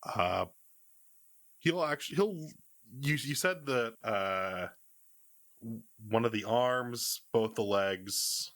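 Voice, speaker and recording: A man playing a tabletop game, speaking in a hesitant, halting way. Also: mid-range voice, lively intonation, a bit bright, no room sound. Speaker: player. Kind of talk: tabletop role-play.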